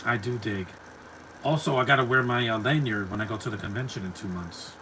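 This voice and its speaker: A man's voice: medium pitch, a little fast, bright, forceful tone, slight background noise, rough recording. A man giving casual live commentary over a movie, rambling and stumbling over repeated words.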